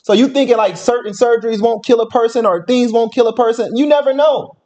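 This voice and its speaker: Male co-host, quick and high-pitched, blunt and animated in his reactions. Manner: animated, blunt, talks to the audience. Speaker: podcast co-host reacting to a story. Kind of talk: casual reaction chat.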